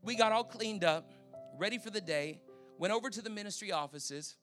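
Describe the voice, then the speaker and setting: A high-pitched Canadian man gives a sermon testimony, telling the story with animated energy and acting out the voices of people he quotes. Music plays clearly under his voice throughout. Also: a little fast. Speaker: preacher.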